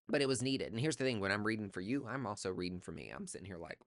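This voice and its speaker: A man's voice: fairly low pitch, lively intonation, a little fast, fairly bright tone, no room sound, clean studio sound. A man giving a casual tarot reading, sassy and profane, calling the listener honey and giving an emphatic pep talk. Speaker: tarot reader.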